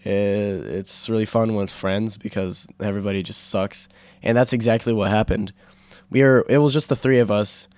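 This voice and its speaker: A young man hosting a casual solo podcast, rambling with fillers and restarts, his throat sore from yelling. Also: on the low side, steady tone, moderate pace, clean tone, no echo. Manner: rambling, full of fillers and self-corrections. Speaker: podcast host.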